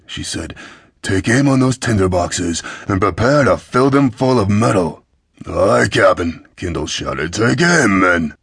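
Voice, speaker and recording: Male audiobook narrator, low husky voice, steady measured reads, dry close studio sound. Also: dry recording. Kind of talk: scripted fantasy audiobook narration.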